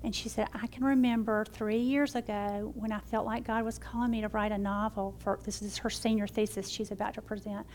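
A middle-aged woman teaching a devotional Bible study tells a faith story and then leads a prayer, her warm storytelling swinging between excitement and hushed moments. Her mid-range voice is brisk with hardly any pauses, and there's a little hiss or hum in the background.

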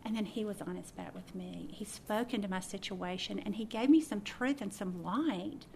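A middle-aged woman giving an informal sermon, telling a story and acting out her own thoughts with lively swings of voice. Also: mid-range voice, normal speed, gravelly, slight background noise. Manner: animated, acts out her own thoughts and laughs. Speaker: speaker teaching a prayer practice.

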